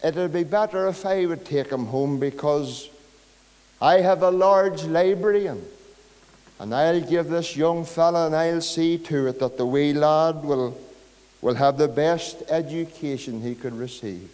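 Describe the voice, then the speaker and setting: An earnest schoolteacher with a Northern Irish accent, as a preacher acts him out, speaking slowly and eagerly. The voice carries a long church-hall reverb. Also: male voice, a little high, darkish tone, close to an everyday voice.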